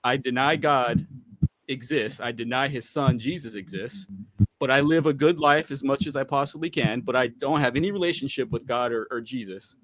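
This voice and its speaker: An earnest man on a video call in a casual debate, laying out his view. He talks persuasively and keeps checking with his listener. His pitch sits in an ordinary middle range for a man. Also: moderate pace, a bit bright, no room sound, low-quality recording. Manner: earnest, persuasive, repeats himself and asks "you know what I'm saying?". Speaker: guest on a livestream debate. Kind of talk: casual debate, explaining beliefs.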